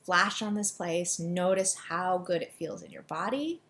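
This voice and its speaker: A woman's voice: fairly low pitch, fairly bright tone. Soothing woman leading a tapping session. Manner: soothing, directive, has listeners repeat affirmations; deliberately quick delivery. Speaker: EFT tapping coach.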